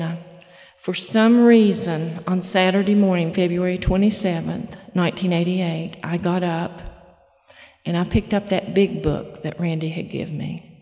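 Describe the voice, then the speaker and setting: A woman telling her recovery story to a live audience in a halting, folksy way with many restarts. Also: on the low side. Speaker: speaker sharing recovery story. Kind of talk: personal testimony to a live audience. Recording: long hall reverb.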